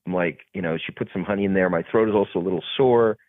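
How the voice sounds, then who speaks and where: Speaking fast in a deep voice, a man appearing as a guest actor animatedly narrates stories in an interview, performing the other people involved. There's no room sound, and the audio is dry and phone-like.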